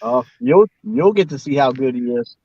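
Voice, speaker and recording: A man's voice: medium pitch, lively intonation, moderate pace. A man chatting casually while fishing from a boat, teasing and laid-back. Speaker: angler on a fishing stream. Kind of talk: casual chat. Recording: dull lo-fi stream audio.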